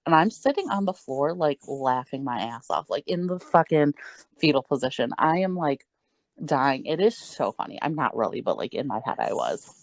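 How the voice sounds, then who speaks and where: A woman's voice: very deep voice, normal speed, no room sound. A young woman co-hosting a podcast, telling a story in casual chat, swearing freely and laughing as she goes. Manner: animated, profane, laughing as she tells it. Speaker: podcast co-host.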